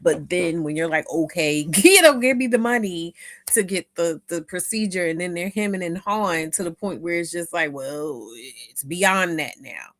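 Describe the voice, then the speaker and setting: A woman hosting a talk podcast, commenting emphatically with loud stresses. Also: fairly low pitch, moderate pace. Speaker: podcast host.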